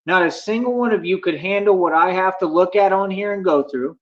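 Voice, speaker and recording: High-pitched man, boastful, defiant, livestream rant, dull lo-fi phone audio. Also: brisk. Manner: boastful, defiant, addressing chat. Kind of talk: ranting livestream.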